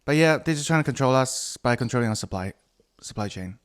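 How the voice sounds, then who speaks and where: A man's voice: mid-range voice, lively intonation, fairly quick, smooth. A middle-aged man hosting a solo podcast, rambling casually and swearing a lot with self-mocking humor. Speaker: podcast host.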